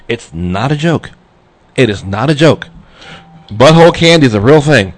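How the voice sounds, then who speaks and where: A man hosting an internet radio show, telling a story in a loose, animated way and laughing along as he goes. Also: medium pitch, moderate pace, long pauses. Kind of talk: casual on-air chat.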